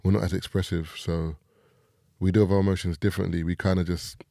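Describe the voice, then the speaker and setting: A young man with a London accent talks things through as a podcast guest, often repeating himself as he thinks. His voice is low and gravelly with a dark tone. The sound is dry and close. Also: little pitch movement, quick pace, dry recording. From England. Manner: thoughtful, repeats himself, laid back. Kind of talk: casual chat.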